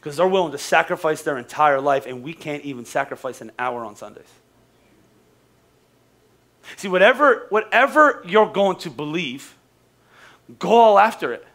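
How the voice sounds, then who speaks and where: An American pastor preaching a sermon in an animated, joking way, with quick restarts. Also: male voice, fairly high pitch. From United States. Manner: animated, joking, talks fast with frequent restarts.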